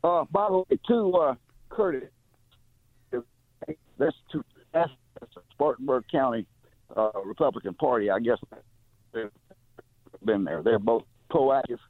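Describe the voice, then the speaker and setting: A man's voice: medium pitch, expressive, measured pace, long pauses, no room sound. A man calling in to a radio talk show, speaking with frequent hesitations and restarts. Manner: hesitant, many fillers and restarts. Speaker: caller. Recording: tinny phone line.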